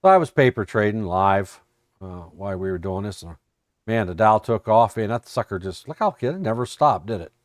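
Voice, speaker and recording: A man's voice: fairly low pitch, expressive, brisk, no echo, studio quality. An American man giving a casual, folksy live-stream recap of his trading day, joking and thinking aloud as he looks over charts. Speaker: trading educator.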